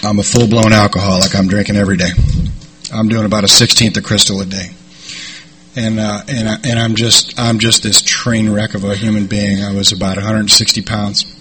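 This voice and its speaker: A middle-aged man sharing a recovery story in a rambling, halting way, with many fillers. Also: on the low side, flat delivery, bright, forceful tone, a little hiss or hum. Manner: rambling, halting delivery with repeated "and, uh". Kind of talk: personal storytelling talk.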